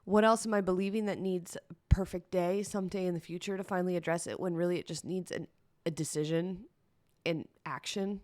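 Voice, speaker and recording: Female podcast host, lowish voice, candid and chatty, close dry sound. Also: fairly even intonation, brisk, darkish tone, no echo. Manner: candid, emotional, chatty with fillers. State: teary-eyed. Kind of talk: personal solo podcast talk.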